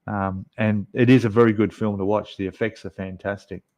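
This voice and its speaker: A man's voice: on the low side, flat delivery, brisk, darkish tone, lo-fi sound. A middle-aged man hosting a casual live stream, chatting in a rambling way and reading out viewer comments with many fillers. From Australia.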